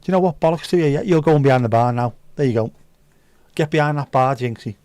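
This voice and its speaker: Male stream host, mid-pitched, cheeky banter, dry close-mic sound. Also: quick pace, darkish tone, no echo. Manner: cheeky, banter-heavy, swears freely. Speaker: livestream host serving virtual drinks. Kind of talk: casual chat.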